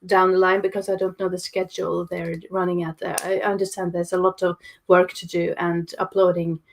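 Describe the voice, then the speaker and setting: A woman's voice: lowish voice, flat delivery, brisk, vocal fry, slight background noise. A woman guest artist talking casually on a video call, hesitant with many fillers. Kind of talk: casual interview chat.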